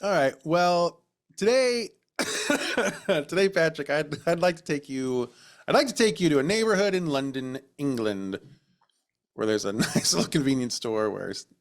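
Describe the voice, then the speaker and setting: A man's voice: on the high side, expressive, measured pace. An American man co-hosting a podcast in casual chat, joking and laughing often as he tells stories. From United States. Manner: jokey, laughs often, slips into silly voices when quoting people. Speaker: podcast co-host and storyteller.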